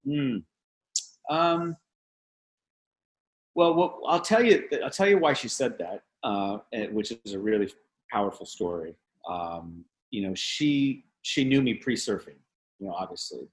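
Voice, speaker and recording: A man's voice: lowish voice, lively intonation, moderate pace, low-quality recording. A middle-aged man talking in a casual, reflective interview, earnest and rambling with many restarts. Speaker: interviewee, league CEO.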